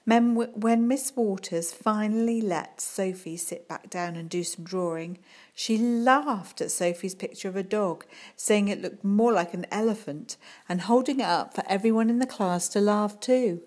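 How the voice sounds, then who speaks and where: A woman reading a children's book aloud in a calm, unhurried storytelling manner. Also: mid-range voice. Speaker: audiobook reader.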